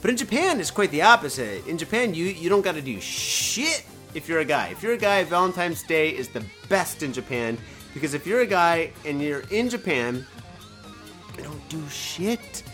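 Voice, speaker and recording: Animated, profane podcast host man. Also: on the high side, normal speed, faint music behind. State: tipsy. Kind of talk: casual solo podcast chat while drinking. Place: home in Japan, indoors.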